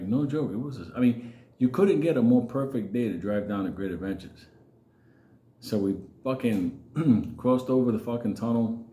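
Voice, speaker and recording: A man's voice: lowish voice, dark tone, roomy sound. A man from New York City with a New York accent, telling a comic story in a casual, profane way and laughing often.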